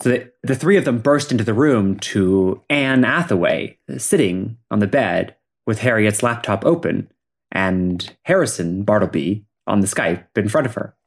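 A man narrating and chatting during a tabletop role-playing game, in a relaxed, casual way. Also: fairly low pitch, normal speed. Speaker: player.

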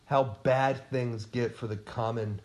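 Playful male podcast co-host, middle pitch, chatty, asks his partner quiz questions. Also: steady tone, unhurried, darkish tone. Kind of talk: casual history podcast chat.

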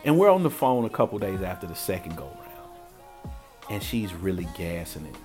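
Lowish-voiced guy telling a raunchy story, swears a lot, acts out quotes, faint music behind. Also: moderate pace. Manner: animated, profane, acts out quotes. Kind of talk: casual comedic storytelling.

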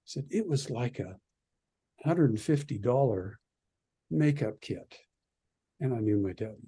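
A man from Canada, a radio producer and podcast guest, telling an animated story and acting out the voices of the people in it. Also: mid-range voice, unhurried, breathy edge. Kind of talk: animated anecdote in a podcast interview.

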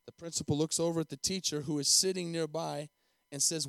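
Guy telling a story, measured and plain, kinda high voice. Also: fairly even intonation, gravelly, fairly bright tone, no echo. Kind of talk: storytelling narration.

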